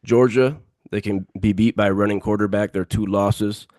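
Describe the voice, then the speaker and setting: A man co-hosting a casual sports podcast makes confident, emphatic picks, repeating himself for emphasis. His voice is low and darkish, with fairly even intonation at normal speed. The studio sound is clean and dry.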